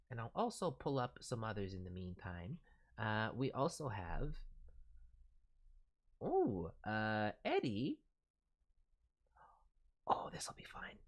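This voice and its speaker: Slow, gushing woman streamer. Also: a bass voice. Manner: gushing and enthusiastic, stammering fillers. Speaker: streamer voicing viewers' characters. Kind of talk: live-stream chat.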